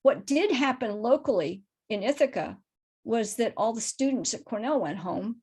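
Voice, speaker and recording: Following her talk, the crow researcher, a middle-aged woman appearing as guest speaker, takes audience questions over a video call. She speaks at a moderate pace in a voice on the high side, slightly mellow and slightly rough, with lively intonation, explaining thoughtfully and avoiding oversimplification.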